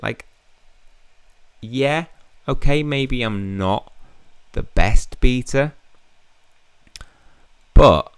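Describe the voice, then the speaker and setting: A man's voice: mid-range voice, drawn-out words, long pauses, clear, resonant tone, no room sound. A man in his thirties casually commenting on a game he is playing, with jokey, self-mocking asides. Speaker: gaming channel host.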